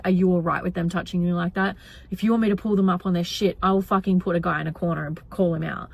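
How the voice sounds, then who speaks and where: A woman's voice: fairly low pitch, vocal fry. A young woman vlogging, venting in an agitated, rambling way with lots of swearing. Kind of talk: casual venting vlog.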